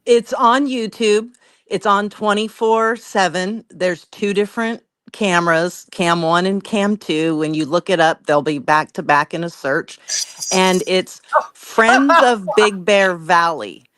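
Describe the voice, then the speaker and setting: A woman's voice: lowish voice, slow pace, fairly bright tone, no echo, clean studio sound. A woman co-hosting a live stream, chatting with enthusiasm in a casual way.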